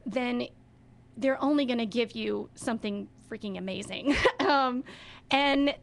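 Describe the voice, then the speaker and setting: A woman's voice: on the high side, measured pace, vocal fry, a little hiss or hum. A woman who directs children's theater, talking as a guest in a radio studio interview with enthusiasm and expression.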